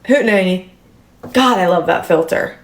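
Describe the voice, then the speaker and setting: A woman in her thirties chats casually on a livestream and answers viewers' comments as they come in. Her talk is loose and full of fillers, at a middle pitch. The room around her is echoey. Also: moderate pace. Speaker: livestream host.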